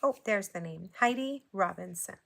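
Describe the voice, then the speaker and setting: A woman casually chatting through a show-and-tell of handmade cards, unhurried and admiring. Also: medium pitch, expressive, creaky, fairly bright tone. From Hawaii. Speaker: papercraft vlogger.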